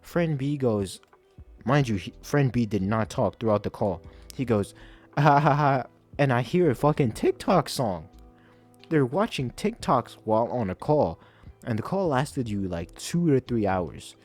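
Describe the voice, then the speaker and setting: A young man hosting a podcast, telling a story in a profane, animated late-night monologue. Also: medium pitch, measured pace, faint music behind. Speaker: podcast host.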